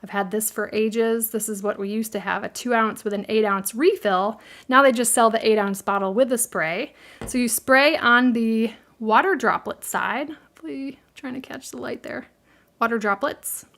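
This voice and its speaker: A woman's voice: a little high, normal speed, fairly bright tone. A middle-aged woman with a Midwestern American accent hosts a live craft tutorial, chatting in a friendly way, laughing easily and answering viewers' questions.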